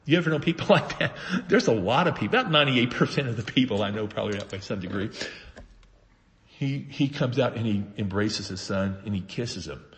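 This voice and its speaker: Pastor preaching in a reverberant hall. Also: male voice, lowish voice, a little fast. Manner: animated storytelling, acting out voices of the father and sons. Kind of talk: sermon. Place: church sanctuary.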